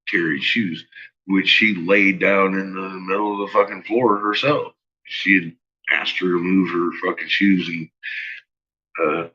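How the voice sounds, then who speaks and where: A man's voice: sits low, bright, forceful tone, dull audio. A man telling a rambling personal story, swearing freely and laughing often. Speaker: vlogger.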